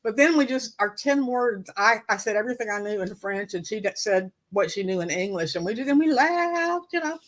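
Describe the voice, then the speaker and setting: A woman's voice: mid-range voice, animated, brisk, few pauses, low-quality recording. A woman with a Southern American accent, chatting casually and telling stories, who picks up the accents around her. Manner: chatty storyteller, mimics accents she hears. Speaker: co-host of a couple's channel. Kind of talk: casual chat.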